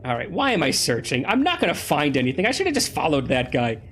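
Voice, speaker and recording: A man gives chatty, excitable commentary as he plays through a video game. His voice swings widely in pitch and sits a bit higher than most men's. He is a little under the weather, and faint noise runs behind him. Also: fast talker. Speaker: let's play host. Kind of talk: casual gameplay commentary.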